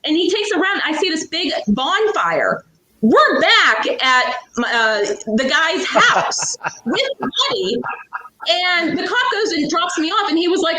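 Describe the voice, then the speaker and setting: Bright-voiced, high-pitched animated woman storyteller. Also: a little slow. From Pittsburgh, USA. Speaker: guest author. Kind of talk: casual storytelling. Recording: echoey room.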